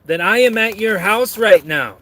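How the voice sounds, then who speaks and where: A man voicing a menacing male online troll in a mocking, high, threatening voice. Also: animated, moderate pace, fairly bright tone.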